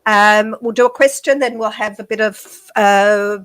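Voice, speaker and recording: A woman's voice: medium pitch, fairly even intonation, measured pace, fairly bright tone, dry recording. A woman co-hosting a casual live-stream chat, giggly and reading out viewer comments. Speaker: co-host.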